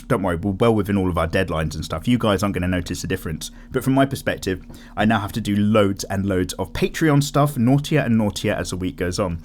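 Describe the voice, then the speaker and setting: A young man hosting an art channel, rambling and animated in casual chat while drawing. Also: fairly low pitch, quick pace, slight background noise. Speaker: YouTube art channel host.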